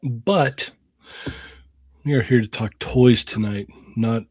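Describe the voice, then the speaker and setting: A man co-hosting a podcast, telling a lively story and acting out voices and engine sounds. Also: mid-range voice, slow pace, dry recording. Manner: animated storyteller, acts out quotes and sound effects. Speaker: podcast co-host. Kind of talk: casual storytelling.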